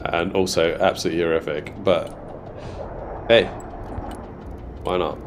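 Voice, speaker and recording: A man livestreaming a game, chatting casually with viewers while badly congested from a cold, joking and swearing, with sudden bursts of excited shouting. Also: deep voice, unhurried, background noise. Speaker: livestreaming gamer. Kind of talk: casual live gameplay chat. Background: music.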